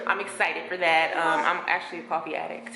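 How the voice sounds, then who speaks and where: A woman's voice: deep voice, little pitch movement, a little fast, gravelly. A woman chatting casually and playfully at a friend's home, upbeat and full of slang. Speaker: friend guest-hosting the vlog. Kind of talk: casual chat. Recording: echoey room with background noise.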